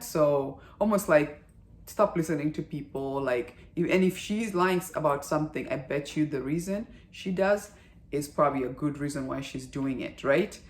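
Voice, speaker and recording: Woman, low voice, chatty drama reviewer, roomy echo. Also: normal speed, darkish tone. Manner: chatty, retells scenes with quoted lines and filler words. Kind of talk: casual video review.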